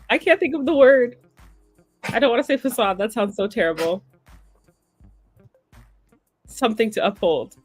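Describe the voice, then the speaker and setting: A woman's voice: mid-range voice, darkish tone, husky, no room sound. A young Canadian woman hosting a livestream, chatting casually and laughing often between remarks. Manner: chatty, laughs often, talks to her pets. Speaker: livestream host. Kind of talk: casual chat reading chat messages.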